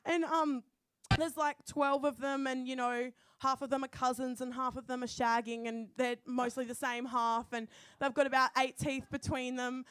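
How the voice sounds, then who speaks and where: Aussie woman, young, high voice, telling a funny hiking story on stage, lots of swearing, dry close sound. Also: normal speed, clean tone, dry recording. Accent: Australian. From Australia. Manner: animated, swearing, quoting herself. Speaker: storyteller guest. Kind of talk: comic personal storytelling.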